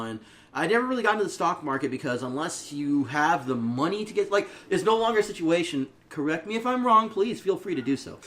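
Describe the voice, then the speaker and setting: A man co-hosting a casual gaming podcast, animated and boisterous, bursting into laughs and yells. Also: on the high side. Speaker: podcast co-host.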